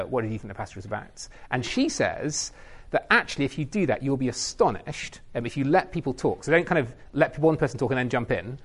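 A man's voice: medium pitch, slightly rough. A man giving an informal, self-mocking training talk on leading Bible study, with many ums.

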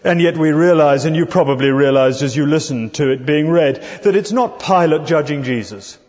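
A man's voice: a little high, normal speed, a little mellow. A man preaching an expository sermon, talking conversationally and putting rhetorical questions to his listeners. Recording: dull recording in a reverberant hall.

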